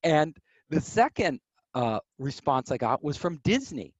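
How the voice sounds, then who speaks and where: A man telling stories as an interview guest, animated, acting out quoted voices. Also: on the high side, unhurried, no room sound, lo-fi sound. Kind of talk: casual storytelling.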